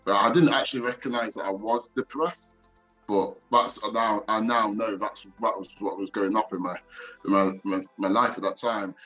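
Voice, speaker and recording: A man's voice: lowish voice, fairly even intonation, moderate pace, sharp tone, highs cut off, faint music behind. A man from Nottingham, England, guest on a podcast, talking openly in a casual chat and laughing readily. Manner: open, easygoing, laughs readily.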